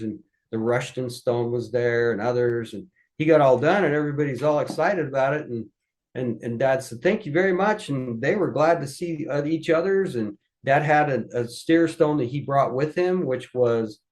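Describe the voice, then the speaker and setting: A man, a podcast guest, telling family anecdotes in a folksy, lively way. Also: mid-range voice, poor audio. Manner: folksy, lively storyteller acting out voices. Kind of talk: anecdotal storytelling.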